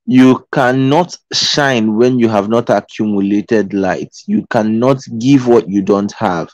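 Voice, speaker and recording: Earnest man with a mellow, low voice. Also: takes it slowly, dry recording, poor audio. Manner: earnest, pleading, repeats phrases, checks in with "okay?" and "right?". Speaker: motivational speaker. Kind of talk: live-streamed motivational talk. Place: in Qatar.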